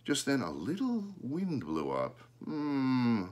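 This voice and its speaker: A man reading a children's storybook aloud, pausing now and then to point out the pictures. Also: fairly low pitch, sing-song.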